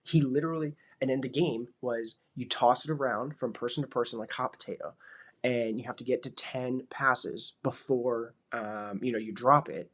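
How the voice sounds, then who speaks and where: A man's voice: medium pitch, a bit bright, breathy edge. A man in his thirties, a father, talking in a casual, rambling way and filling his sentences with "like" and "you know". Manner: rambling, many filler words. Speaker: vlogger, father. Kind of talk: casual reflective talk.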